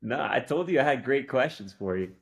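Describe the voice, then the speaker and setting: A man's voice: medium pitch, animated, brisk, gravelly. A man hosting a golf podcast, talking in a motivational way and repeating phrases for emphasis. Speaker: podcast host. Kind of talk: casual podcast interview.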